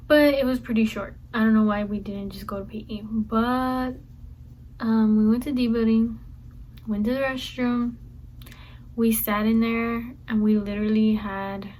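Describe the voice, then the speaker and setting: A woman's voice: mid-range voice, a little mellow, low-quality recording. Chatty young woman telling a story. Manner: chatty, rambling, repeats herself. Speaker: vlogger. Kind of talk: casual storytime. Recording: faint background noise.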